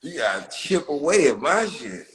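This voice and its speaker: A man riffing comic bits in casual chat, loudly repeating his setups and breaking into high bursts of laughter. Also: big pitch swings, normal speed, background noise. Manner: loud, repetitive joke-building with bursts of high laughter.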